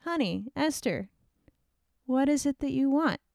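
A woman's voice: high-pitched, lively intonation, measured pace, vocal fry, a little mellow, no room sound, studio quality, voice pushed up, heavily acted. A woman voicing a powerful, hot-tempered male king in a casual spoken retelling. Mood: doting.

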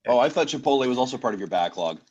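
A man from Canada joins a casual podcast as a jokey guest, teasing the others. His pitch swings widely as he talks. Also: lively intonation, racing, darkish tone, husky, muffled recording. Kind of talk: casual chat.

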